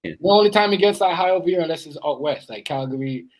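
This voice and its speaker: A man's voice: on the high side, expressive, fast, low-quality recording. Rambling man on a casual podcast. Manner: loose, rambling, repeats phrases. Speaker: podcast host. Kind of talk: casual chat.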